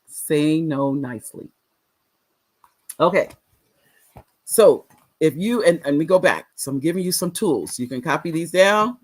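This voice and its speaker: A woman's voice: sits low, expressive, unhurried, pauses often. A woman talk show host and author, teaching viewers how to say no and repeating key phrases for emphasis.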